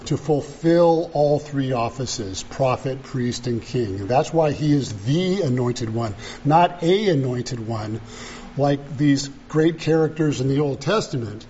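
A man preaching a sermon as pastor, deliberate and emphatic, repeating key phrases. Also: mid-range voice, mellow, highs cut off, a little hiss or hum.

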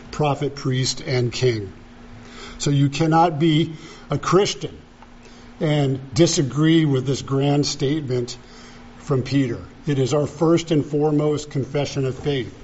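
A man preaching a sermon as pastor, deliberate and emphatic, repeating key phrases. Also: mid-range voice, a little mellow, highs cut off, slight background noise.

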